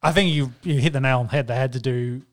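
A man, co-hosting a casual cricket podcast in an easygoing, halting way. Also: mid-range voice. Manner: easygoing, hesitant, many restarts and yeahs. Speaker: podcast co-host.

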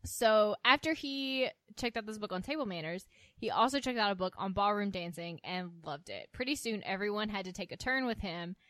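Animated woman podcast co-host. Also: mid-range voice, fairly quick, no room sound. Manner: animated, acts out quotes. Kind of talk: casual recap chat.

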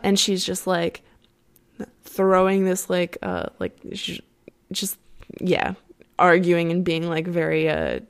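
A woman's voice: on the low side, expressive, slow pace, vocal fry, pauses often. A young woman casually retelling an opera plot, rambling with many fillers and frequent laughs.

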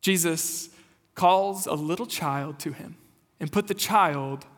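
High-voiced pastor preaching in a reverberant hall. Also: male voice, takes it slowly. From rural Kansas. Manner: conversational, animated, asks the congregation questions. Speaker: lead pastor. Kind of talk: sermon. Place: church sanctuary.

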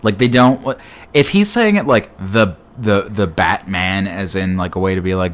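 A man's voice: sits low, animated, moderate pace, a bit bright. A man co-hosting a casual chat, sarcastic and jokey, speaking close to the microphone. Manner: sarcastic, jokey, acts out scenes in silly voices.

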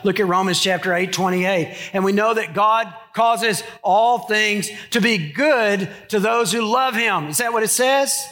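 High-voiced preacher man, chatty. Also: unhurried, hardly any pauses, sharp tone. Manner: conversational, joking asides to the congregation. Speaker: pastor. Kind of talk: sermon. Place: church sanctuary.

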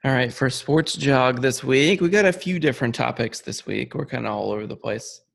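A man's voice: medium pitch, expressive, moderate pace, gravelly, fairly bright tone, a little hiss or hum. A man hosting a podcast, steering the talk and introducing segments in casual chat. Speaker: host.

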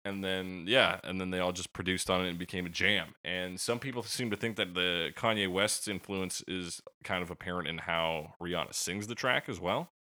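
A man's voice: low voice, fairly even intonation, moderate pace, hardly any pauses, sharp tone. A man co-hosting a casual music podcast, chatting and joking with friends. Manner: jokey, playfully argumentative. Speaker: podcast co-host. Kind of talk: casual chat.

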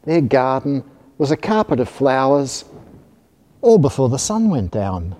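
A man reading a children's picture book aloud, expressive and animated. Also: mid-range voice, measured pace. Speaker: storyteller. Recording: reverberant hall.

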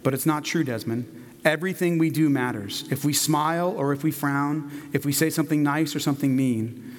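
A preacher voicing a kind old priest. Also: male voice, on the high side, brisk, long reverb tail, close to an everyday voice. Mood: gentle, consoling.

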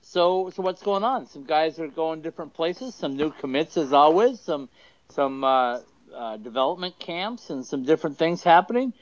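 A man's voice: fairly high pitch, animated, moderate pace, no echo, highs cut off. A man co-hosting a casual sports talk show, easygoing and encouraging, with frequent fillers. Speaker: co-host. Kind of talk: casual sports radio chat.

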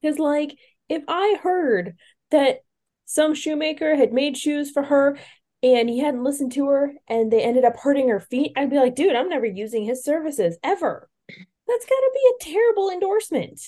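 A woman's voice: high voice, expressive, moderate pace, warm tone. A woman co-hosting a book podcast, chatting casually and venting with emphasis. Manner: emphatic, vents frustration. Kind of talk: casual chat.

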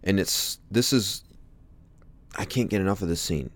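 Deep-voiced man gushing about films. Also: moderate pace, no echo. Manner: enthusiastic, hums film music. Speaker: podcast co-host. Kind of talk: casual movie discussion.

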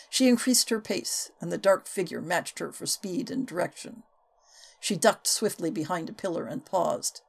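Expressive woman narrating a novel. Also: mid-range voice, creaky. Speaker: audiobook narrator. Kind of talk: scripted narration.

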